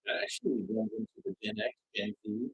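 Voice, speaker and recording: A man co-hosting a casual chat, easygoing, with quick agreeing interjections. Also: on the low side, echoey room, muffled recording. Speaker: co-host.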